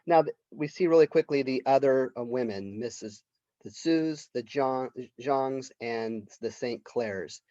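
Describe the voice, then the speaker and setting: Male literature professor, chatty lecture, mid-pitched voice, dry and dull-sounding recording. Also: unhurried, dark tone, dry recording. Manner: conversational storytelling, retelling the plot. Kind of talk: college lecture.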